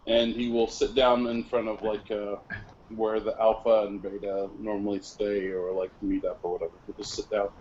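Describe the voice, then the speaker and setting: A man's voice: lowish voice, fairly even intonation, normal speed, darkish tone. A man playing a tabletop game, talking casually and hesitantly, heard on a dull lo-fi recording. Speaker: player. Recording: dull lo-fi recording, faint room noise.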